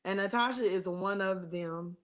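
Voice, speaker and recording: A woman's voice: medium pitch, moderate pace, fairly bright tone, rough recording. A woman guest artist on a video call, speaking earnestly and gratefully with hesitant ums. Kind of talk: casual panel chat.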